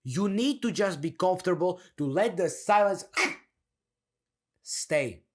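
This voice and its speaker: An upbeat young man talks like a coach, slangy and quick to laugh. His voice sits fairly high and swings widely in pitch. He often drops into a slower, deeper delivery to show how it sounds. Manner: energetic, laughing, slangy, demonstrates a deep down-turned delivery. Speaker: confidence coach. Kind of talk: casual coaching monologue.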